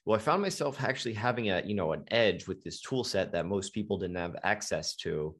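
Guy with a lowish voice, middle-aged, tells his story in an animated, emphatic way, keeps restarting. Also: a little fast. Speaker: guest, hypnotherapist. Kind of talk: storytelling in a conversation.

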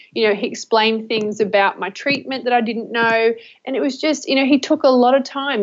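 Halting, emotional woman vlogger. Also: mid-range voice. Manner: emotional, halting, many fillers and restarts. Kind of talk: heartfelt personal talk to camera. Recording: dull lo-fi recording.

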